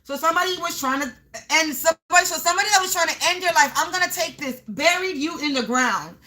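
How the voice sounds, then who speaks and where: A woman giving a spiritual energy reading to her viewers, talking in a repetitive, emphatic way, at times yelling. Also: very high-pitched, lively intonation, fast. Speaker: spiritual reader. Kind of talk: live tarot-style energy reading.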